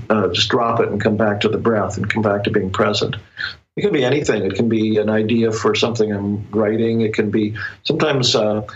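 A man who is an author, talking as a guest in a casual interview, reflective and often pausing to find his words. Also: on the low side, lo-fi sound.

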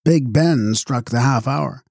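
A man reading a story aloud as narrator in a measured, wry manner. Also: medium pitch, vocal fry, a little mellow, dry recording, clean studio sound. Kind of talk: audiobook narration.

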